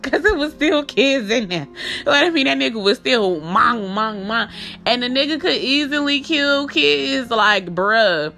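Bright-voiced woman in a laughing, slangy movie review. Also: sits high, a little slow, soft background music. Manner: animated, profane slang, laughs often. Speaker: podcast host. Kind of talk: casual horror movie review.

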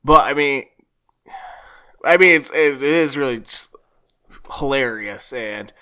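A man chatting casually about a film, animated and laughing, acting out scenes in silly voices and swearing freely. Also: mid-range voice, a little slow, clean tone. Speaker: podcast co-host. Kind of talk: casual movie discussion.

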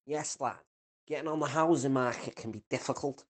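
A man putting on a Liverpool accent for a parody mortgage advert, salesy and breathy. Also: medium pitch, a little fast, heavy background noise, lightly acted. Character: smooth Liverpudlian mortgage adviser.

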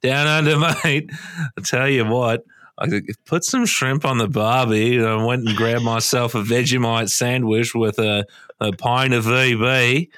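A man's voice: medium pitch, steady tone, unhurried, a bit bright, no room sound, clean studio sound, close to an everyday voice. A man voicing a boozy, rowdy Australian bloke with a rambling, crude, swaggering manner.

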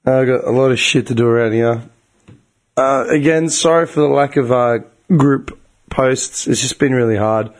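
A man's voice: mid-range voice, moderate pace. A young Australian man telling a long, profane and exasperated story in casual talk, his voice getting tired and strained. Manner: profane, exasperated storytelling with bursts of animated outrage. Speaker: group chat regular.

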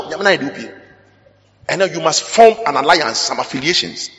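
A man with a Ghanaian accent preaching a sermon, mixing English with Twi and breaking into sudden loud bursts. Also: a little high, lively intonation, takes it slowly. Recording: long hall reverb.

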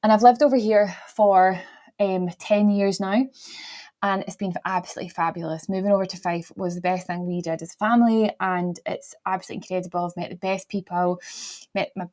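Young woman w a soft glaswegian accent rambling on her own podcast, chatty, keeps restarting lines, laughs here and there. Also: mid-range voice, fairly even intonation, brisk. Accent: mild Glaswegian Scottish. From Glasgow, Scotland. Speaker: podcast host. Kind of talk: solo podcast monologue.

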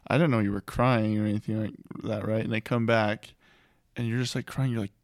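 A man co-hosting a podcast, retelling a story in a relaxed, animated way. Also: lowish voice, fairly quick, dry recording, studio quality. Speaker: podcast co-host, husband. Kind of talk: casual chat.

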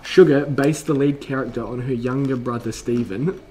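A man's voice: mid-range voice, fairly even intonation, normal speed, slight background noise, low-quality recording. Joking, restless man co-hosting a podcast. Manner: joking, restless, drifts from quiet mumbling to louder reading; stumbles and repeats words while reading. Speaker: podcast co-host. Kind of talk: casual banter and reading aloud.

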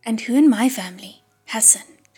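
A man's voice: sits high, unhurried, slightly rough, faint music behind, full character voice. A woman reading aloud and voicing a cold, contemptuous young man in whispered role-play. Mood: bitter. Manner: cold, cutting.

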